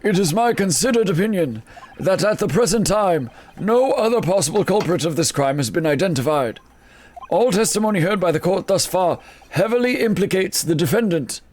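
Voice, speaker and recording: A man doing a pompous old judge in a game, high-pitched and deliberate, weighing every long formal sentence. He sounds measured and officious. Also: lively intonation, darkish tone, slight background noise. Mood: stern.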